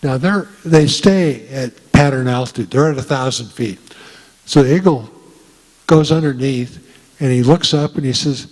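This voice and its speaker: A man's voice: medium pitch, a little mellow. Older man telling stories in a hall. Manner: folksy storytelling, frequent "uh" pauses. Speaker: guest speaker. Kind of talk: casual talk to an audience. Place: meeting room. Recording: reverberant hall.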